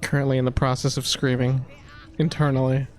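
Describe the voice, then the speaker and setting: A man's voice: medium pitch, level tone, a little fast, a little mellow. A young man playing a video game, commenting casually, frustrated, swearing and laughing at himself. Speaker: gaming streamer. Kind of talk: casual let's play commentary. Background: faint game music.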